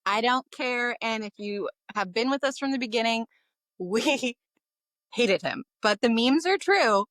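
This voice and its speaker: A woman's voice: fairly high pitch, moderate pace, a bit bright, no room sound. A woman co-hosting a casual book-club podcast, teasing and enthusiastic. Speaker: podcast co-host.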